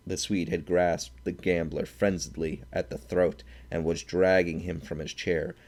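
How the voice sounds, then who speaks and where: Male audiobook narrator, very low voice, measured and steady. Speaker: audiobook reader.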